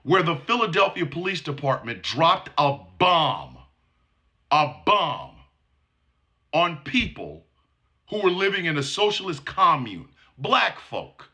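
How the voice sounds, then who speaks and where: A man's voice: on the high side, sing-song, slow pace, sharp tone. Blunt, profane man in his fifties. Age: 40s to 50s. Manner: blunt, profane, sarcastic ranting. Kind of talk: commentary monologue.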